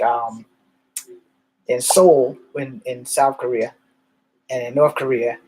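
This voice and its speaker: A man in his thirties from the United States, telling stories in a rambling, casual monologue that grows animated as he retells conversations. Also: mid-range voice, slightly rough, poor audio. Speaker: vlogger.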